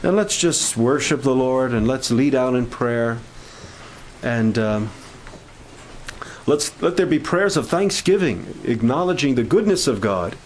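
Man, minister leading a camp prayer meeting, halting informal sermon delivery, mid-pitched, faint room noise. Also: expressive, poor audio. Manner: halting, with many restarts, rising fervor.

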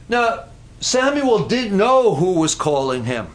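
A man preaching a sermon, telling the story in an animated way and slowing down for dramatic emphasis. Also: high voice. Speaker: pastor.

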